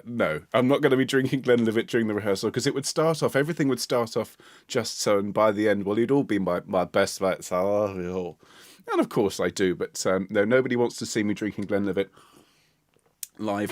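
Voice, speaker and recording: A British man from the United Kingdom hosts a choir livestream, leading the choir while chatting playfully and jovially and laughing a lot. His voice is fairly low and the recording is dry.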